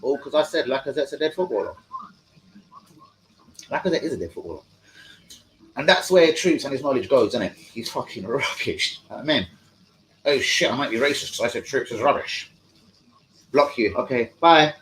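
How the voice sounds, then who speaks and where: Animated and mid-range in pitch, this young man talks at a normal speed but pauses often, with a slightly bright tone. He hosts a live fan stream, mocking and swearing at his chat in a combative football rant. There's slight background noise and the recording is low quality.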